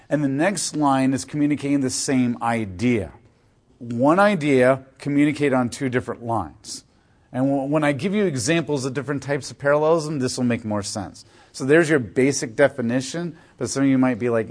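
Casting: male teacher, mid-pitched, relaxed explanatory lecture style, lots of "like". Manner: casual, explanatory, uses many fillers like "like". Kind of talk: classroom lecture.

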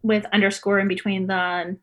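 A woman's voice: medium pitch, flat delivery, fairly quick, fairly bright tone. A woman in her forties, a sleep scientist guest, talking in a chatty, easygoing way in an interview. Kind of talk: casual interview talk.

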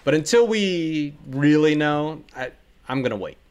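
A man's voice: fairly high pitch, animated, a little slow, a little mellow, clean tone. A man co-hosting a basketball podcast, speaking cautiously and hedging his points. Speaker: podcast co-host. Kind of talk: casual basketball chat.

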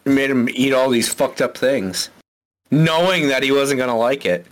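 A man's voice: mid-range voice, normal speed. A young man co-hosting a casual podcast, joking bluntly with crude humor. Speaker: podcast co-host. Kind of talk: casual chat.

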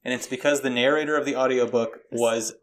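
A man's voice: medium pitch, steady tone, fairly quick. A man hosting a podcast, keeping the talk easygoing and steering it along. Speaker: podcast host. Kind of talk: casual podcast chat.

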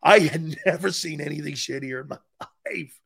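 Sports talk host, man in his sixties, rowdy and salty, slightly high voice. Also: moderate pace, creaky, husky. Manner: loud, profane, laughing storyteller. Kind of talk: casual storytelling on a sports talk show.

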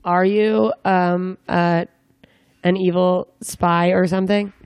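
A woman's voice: fairly low pitch, little pitch movement, slow pace, a little mellow, smooth, no room sound. A young woman interviewing a guest in a casual chat, asking rambling, joking questions with lots of fillers. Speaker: interviewer, comedian.

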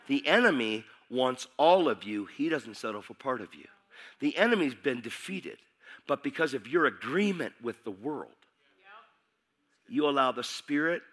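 A middle-aged man preaching a sermon, excitable and building in intensity as he goes. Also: mid-range voice.

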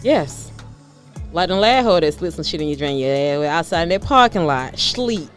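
A woman's voice: low-pitched, animated, moderate pace, faint music behind. A woman co-hosting a podcast who laughs a lot and teases her co-host bluntly. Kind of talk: casual podcast banter.

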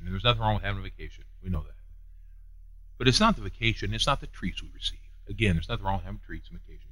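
Male preacher, emphatic and repetitive, animated pitch swings. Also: rough recording. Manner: emphatic, repeats phrases, swings between hushed and raised. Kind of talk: sermon.

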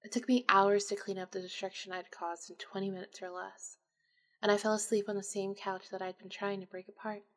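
A woman reads a first-person ghost story aloud. Her delivery is intimate and confessional, with a mid-range pitch. She sounds emotional as she tells it. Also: flat delivery, a little fast. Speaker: narrator.

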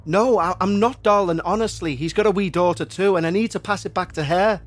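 A man voicing an adult father who pleads through a door, then shouts in rage. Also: high-pitched, fairly quick, voice pushed up. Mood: pleading.

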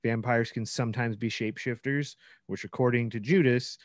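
A man's voice: mid-range voice, fairly even intonation, moderate pace, no room sound, studio quality. A man co-hosting a podcast in casual chat, rambling through ideas, swearing and laughing often. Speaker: podcast co-host.

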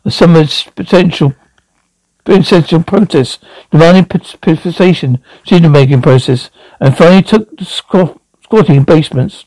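A man's voice: on the high side, mellow, no room sound, poor audio. A man reading a novel aloud as an amateur audiobook, often stumbling and repeating words. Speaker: reader.

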